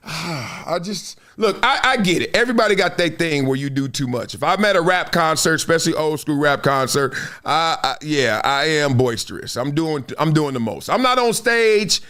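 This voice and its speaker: A male show host giving animated, slangy reaction commentary, laughing and mimicking the people in the clips. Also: a little high, normal speed, hardly any pauses.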